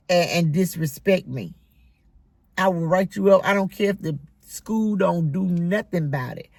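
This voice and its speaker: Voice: mid-range voice, gravelly, no echo. A middle-aged school bus driver delivering a scolding, emphatic monologue about rude children. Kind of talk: casual monologue vlog.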